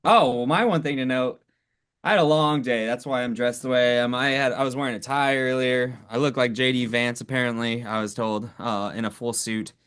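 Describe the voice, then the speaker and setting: A man co-hosting a sports podcast in a loose, laid-back chat. He laughs easily and drops casual swears as he tells stories. His voice sits at an ordinary middle pitch. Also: steady tone, fairly quick, a bit bright, clean tone. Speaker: podcast co-host.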